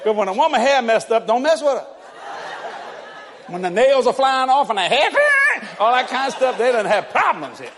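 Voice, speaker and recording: His very high, fairly bright voice is highly animated yet paced at normal speed. He's a middle-aged man preaching to a congregation in a church hall, delivering a humorous sermon of funny stories in which he often laughs and plays out the characters.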